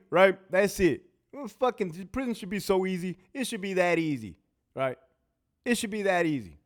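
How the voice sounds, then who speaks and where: A man's voice: high voice, expressive, moderate pace. A man with a Californian accent, a former prison officer, tells profane stories in a blunt monologue and mimics other people's voices.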